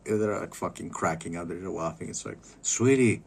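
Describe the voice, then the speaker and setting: A man chatting casually about car upkeep, rambling with halting restarts and casual swearing. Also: low voice, steady tone, vocal fry, husky. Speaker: streamer giving car tips. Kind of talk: casual chat.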